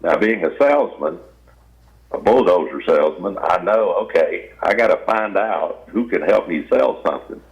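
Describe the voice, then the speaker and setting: In a storytelling interview heard through dull lo-fi radio audio, an older Southern American actor appearing as a guest wanders through folksy tales. He has a deep, expressive voice and keeps a moderate pace.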